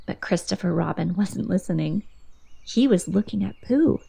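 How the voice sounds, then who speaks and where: Expressive woman reading a storybook. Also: medium pitch, unhurried, gravelly, breathy edge. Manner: gentle, expressive narration. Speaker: storybook reader.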